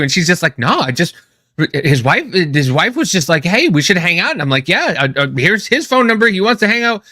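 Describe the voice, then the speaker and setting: A man co-hosting a podcast, telling stories in a casual, profane, animated way with sudden loud outbursts. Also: high-pitched, fairly quick, dry recording, clean studio sound. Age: adult, has an ex-wife. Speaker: podcast co-host. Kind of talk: casual chat.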